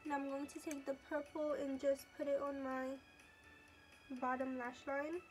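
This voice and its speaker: A high-voiced teenage girl chats her way through a makeup tutorial, calling out each step as she works. Her pitch stays fairly level, and soft music plays underneath. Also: little pitch movement, normal speed. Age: teens. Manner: chatty, narrates each step as she goes. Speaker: beauty vlogger.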